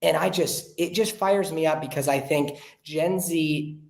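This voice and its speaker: Young guy on a podcast, earnest and animated storyteller, kinda echoey room. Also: on the high side, a little slow, vocal fry. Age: young adult. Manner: earnest, animated storyteller, acts out quoted voices. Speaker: podcast guest. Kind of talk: casual storytelling chat. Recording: roomy echo.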